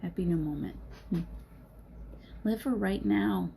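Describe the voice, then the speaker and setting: A middle-aged woman speaks in an earnest, encouraging way and laughs often. Her voice sits a little low and sounds mellow. A faint background noise runs under the recording. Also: sing-song, a little slow. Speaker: host. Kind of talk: casual motivational talk.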